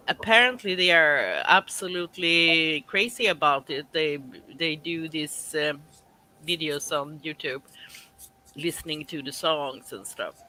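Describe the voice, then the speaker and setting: A woman's voice: low voice, slow, sharp tone, slight background noise, low-quality recording. A woman from Sweden joining a livestream call, chatting casually and giggling. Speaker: guest on a call. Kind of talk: casual chat.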